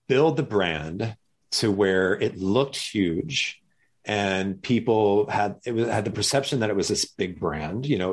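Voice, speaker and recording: This guest speaks in a mid-range voice that sounds gravelly and husky. Chatting casually, he tells a story with animation, voicing the other people in it with jumpy delivery.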